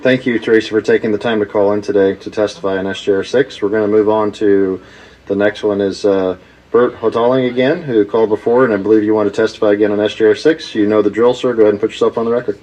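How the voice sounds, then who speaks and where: A man chairing a committee hearing, calling on callers in a brisk, routine, polite way. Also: fairly low pitch, little pitch movement, a little mellow, low-quality recording. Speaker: committee chair running testimony. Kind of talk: procedural hearing moderation.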